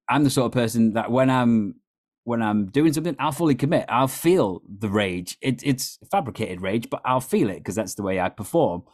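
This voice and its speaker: A man hosting an improv podcast, talking in a relaxed, reflective way. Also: fairly low pitch. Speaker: podcast host. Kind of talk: casual podcast chat.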